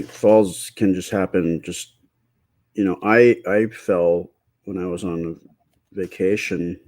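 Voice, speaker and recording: A man hosting a live stream, chatting casually and answering viewer comments with a slightly stuffy nose and a halting, rambling way of talking. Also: low-pitched, a little mellow. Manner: rambling, halting, many fillers and restarts.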